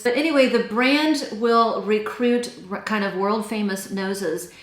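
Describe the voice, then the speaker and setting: A woman's voice: mid-range voice, a bit bright, roomy sound. Chatty Texan woman reviewing perfumes. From Texas. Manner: chatty and enthusiastic, gushing over scents. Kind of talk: casual product review.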